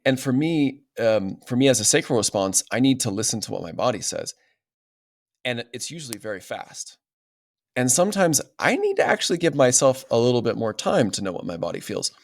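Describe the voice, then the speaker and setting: A man's voice: medium pitch, big pitch swings, fairly quick, no echo, clean studio sound. A man as a podcast guest, talking in an earnest, explanatory way and often checking in with "right?". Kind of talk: casual interview talk.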